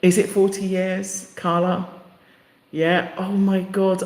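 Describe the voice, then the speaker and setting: A woman's voice: mid-range voice, level tone, slow pace, a little mellow. A middle-aged woman hosting a casual live stream, effusive and talking straight to her viewers by name. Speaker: livestream host. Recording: echoey room with long reverb.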